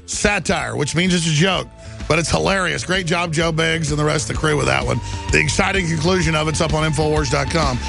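Gravelly combative talk radio host. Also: male voice, on the high side. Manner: combative, ranting, rising to outbursts.

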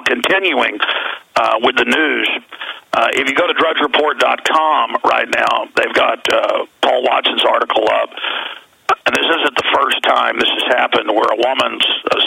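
A man's voice: mid-range voice, fairly even intonation, a little slow, gravelly, bright, forceful tone, husky, dry recording, poor audio. A man with a Texan accent hosting a talk radio show over the phone from the road, rambling emphatically with many restarts. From Texas. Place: on the road, away from the studio.

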